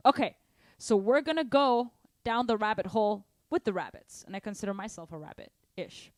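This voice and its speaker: A young woman teaching a drum lesson on a live stream, energetic and chatty, counting and singing rhythms aloud between grooves. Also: medium pitch, normal speed, smooth, dry recording, clean studio sound. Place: home drum room. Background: drum kit.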